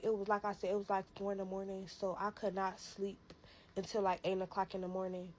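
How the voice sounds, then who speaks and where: A young woman casually telling a dramatic personal story to her viewers, profane and animated, acting out her own shouting. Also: medium pitch, a little hiss or hum, rough recording.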